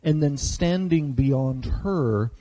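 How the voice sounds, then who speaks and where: A man's voice: a little high, slow, dark tone, dry recording, rough recording. A man narrating a tabletop game as game master, hesitant, with many filler sounds, on a convention stage.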